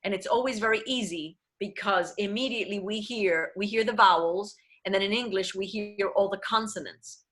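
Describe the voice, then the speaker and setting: Bright-voiced woman coaching diction. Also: mid-range voice, moderate pace, few pauses. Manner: explanatory, switches into Spanish phrases. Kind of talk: online workshop talk.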